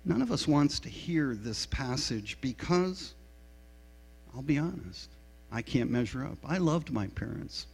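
A middle-aged male pastor preaches slowly and deliberately, with a gravelly, husky voice. He tells stories in a frank, self-deprecating, confessional way. The sound rings in a long church reverb, with a low mains hum underneath. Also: lively intonation, a little mellow. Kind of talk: sermon. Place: church sanctuary.

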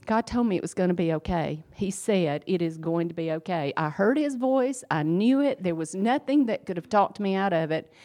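A woman's voice: medium pitch, mellow. Earnest woman giving a faith testimony. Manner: earnest and emphatic, conversational with fillers. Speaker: speaker sharing a faith testimony. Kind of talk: personal testimony.

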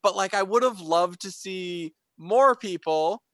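A man with a high voice talks casually on a podcast, rambling and restarting his sentences. The sound is dry and close, with no room around it. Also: unhurried, a bit bright, no echo. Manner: rambling, frequent fillers and restarts. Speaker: podcast co-host. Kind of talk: casual chat reviewing a TV show.

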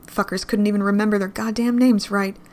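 A woman narrating fan fiction aloud in a grim, measured reading. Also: mid-range voice, fairly even intonation, darkish tone.

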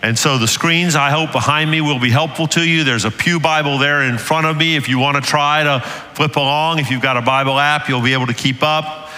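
An older man with a Southern US accent preaches a sermon as lead pastor in a church sanctuary, his voice fairly high, steady, bright and forceful, moving a little fast. He sounds earnest and builds to emphatic peaks. The recording carries the reverberance of a church hall.

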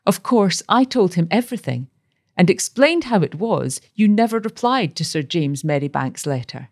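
A woman voicing a devoted, fussy young wife nursing her husband, with a coaxing, bright manner. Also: fairly low pitch, sing-song, moderate pace. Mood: gleeful.

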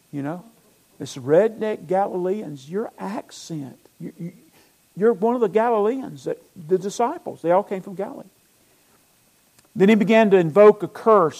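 Animated Southern preacher, high voice. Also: male voice, gravelly. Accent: Southern US, Alabama. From North Alabama. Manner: animated, rising to loud emphatic bursts while retelling scripture. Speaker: pastor. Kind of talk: sermon. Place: church.

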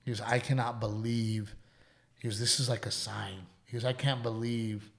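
A man, co-hosting a podcast in casual chat, telling earnest stories and going hushed at heartfelt moments. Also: lowish voice, fairly even intonation, moderate pace, gravelly. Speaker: podcast co-host.

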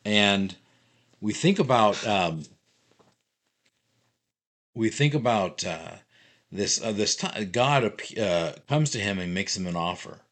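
A man co-hosting a casual Bible discussion podcast, playful and animated as he reads scripture aloud. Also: on the low side, slow pace, pauses often. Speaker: podcast co-host.

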